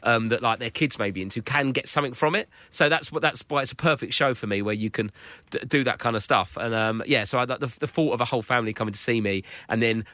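Fast-talking, bright-voiced man telling stories. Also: mid-range voice, dry recording. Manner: chatty, animated storytelling with acted-out quotes. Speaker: comedian guest. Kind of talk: casual interview chat.

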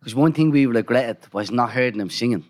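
A man co-hosting a podcast keeps things easygoing and puts questions to the guest. He speaks quickly at a middling pitch. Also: a little mellow. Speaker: podcast co-host. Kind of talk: casual chat.

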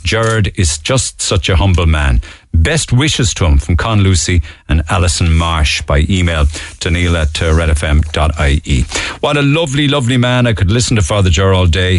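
A man's voice: deep voice, expressive, normal speed. A man with a Cork accent hosting a radio phone-in in an easygoing way and reading listener emails aloud on a studio microphone. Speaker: radio host.

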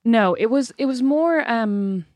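A woman's voice: on the high side, expressive, unhurried, a little mellow, no room sound. An Irish woman co-hosting a podcast, chatting casually and rambling through personal anecdotes. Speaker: podcast co-host. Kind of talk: casual chat.

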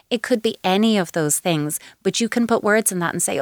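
A woman's voice: mid-range voice, fairly quick, few pauses, dry recording, clean studio sound. A woman giving parenting advice on a radio chat, explaining at length and sometimes acting out voices playfully.

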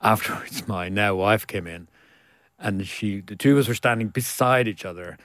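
Low-voiced man telling stories. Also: moderate pace, fairly bright tone, no room sound. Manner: self-deprecating storyteller, laughs often. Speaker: author guest. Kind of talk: casual interview chat.

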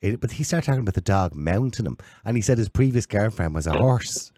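A man hosting a talk radio discussion, brisk and chatty as he steers the conversation. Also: fairly low pitch, expressive, dark tone. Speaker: radio show host.

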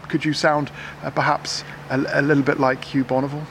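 A man's voice: a little high, flat delivery, brisk, a bit bright, a little hiss or hum. A man conducting a street interview, teasing and prodding with his questions.

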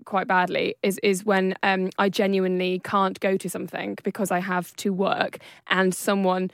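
A woman's voice: mid-range voice, monotone, normal speed, vocal fry, no room sound, clean studio sound. Frank, jokey young woman. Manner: frank, jokey asides, self-deprecating. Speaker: podcast co-host. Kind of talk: casual chat.

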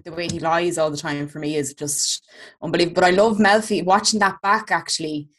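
A woman chatting casually on a podcast, relaxed and swearing lightly as she reacts to an episode. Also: on the low side, brisk.

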